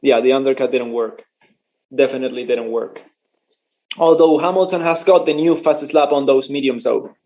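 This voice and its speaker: Commenting casually on a live race for his stream, a man chats and jokes, laughing often and tripping over his words. His voice is warm and medium-pitched, at a moderate pace.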